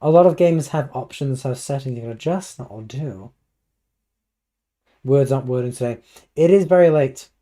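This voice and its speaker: A British man with a slightly hoarse voice, chatting casually and playfully with his live chat while gaming. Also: medium pitch, normal speed, pauses often, mellow. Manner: rambling, playful, chatty asides. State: a little hoarse. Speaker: livestreamer.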